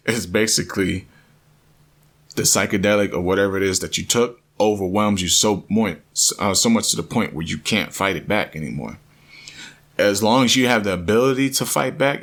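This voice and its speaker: A man vlogging a personal story, earnest and animated, often restarting and repeating himself. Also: low-pitched.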